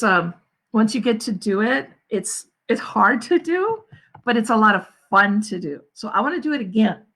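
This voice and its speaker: A school principal with a fairly high voice chats casually with her students on a livestream. She's encouraging, laughs easily and often restarts her sentences.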